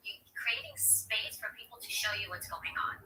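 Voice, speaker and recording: Brief: bright, animated woman expert on a TV set heard from across an echoey room, acting out examples. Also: medium pitch, normal speed, distant mic, a little hiss or hum. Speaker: body language expert guest on TV. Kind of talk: TV interview, explaining.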